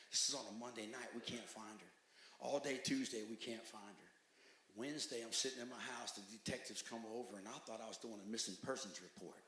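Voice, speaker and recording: A man giving a personal testimony at a church recovery meeting. He tells his story emphatically, swinging between loud outbursts and hushed, low stretches. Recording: echoey church hall.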